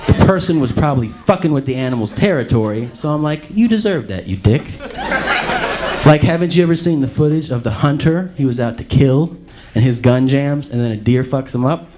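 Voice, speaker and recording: A man's voice: mid-range voice, fairly quick. A man doing stand-up, profane and conspiratorial, acting out animal attacks and getting out of breath. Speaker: stand-up comedian. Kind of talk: stand-up set. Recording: live club recording with loud noise.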